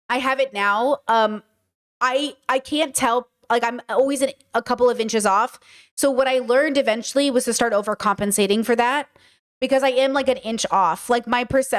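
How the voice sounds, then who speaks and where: A woman hosting a stream, telling a story in a blunt, profane and animated way. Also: on the high side. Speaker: podcast and stream host. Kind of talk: casual storytelling to a livestream audience.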